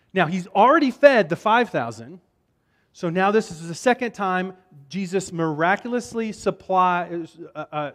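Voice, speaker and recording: A man preaching a conversational sermon, casual in tone, often repeating words as he explains. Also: sits high. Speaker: pastor.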